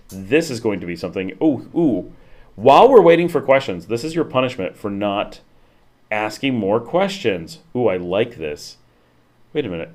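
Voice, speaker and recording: A man hosting a casual livestream from his home office, rambling through his thoughts with lots of fillers and lively swings in tone, talking to a desk mic. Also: mid-range voice. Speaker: livestream host. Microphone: desk microphone.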